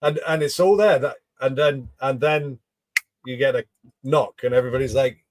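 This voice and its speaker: A man as a podcast guest, recounting a field story in a relaxed way and acting out what others said. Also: mid-range voice, normal speed, slight background noise. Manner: relaxed anecdote telling, acts out quotes. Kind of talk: casual storytelling chat.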